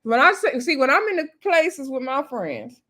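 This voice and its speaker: A woman's voice: sits high, animated, normal speed, pushed and bright. Chatty woman recapping a reality show. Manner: chatty, laughs often, acts out cast members' lines. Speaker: TV show reviewer. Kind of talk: casual recap commentary.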